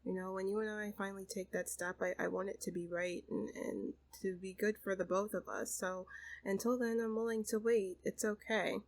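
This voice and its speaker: A woman voicing a gentle, patient young man who speaks earnestly and reassuringly, in her own voice. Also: mid-range voice, fairly even intonation, moderate pace, lightly acted.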